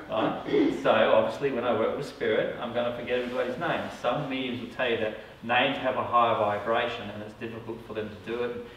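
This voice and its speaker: A medium-pitched Australian man, a psychic medium, speaks casually to a small group and frequently asks "all right?". The lo-fi recording was made in an echoey room with the mic far off, and slight background noise is present.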